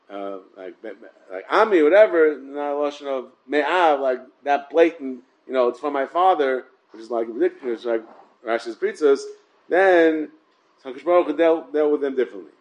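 Man teaching Talmud, halting, repeating words. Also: on the high side, rough recording. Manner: mixes Yiddish and Hebrew terms, repeats words, halting restarts; asks rhetorical check-ins like "yeah?" and "right?". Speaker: Torah study teacher. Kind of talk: Talmud study class.

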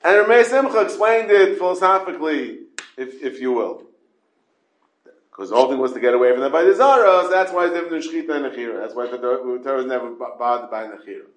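A man with a mid-range, animated voice talks fast while teaching a Talmud class, and the recording sounds roomy. He explains by asking questions over and over, repeating his points and stressing key words.

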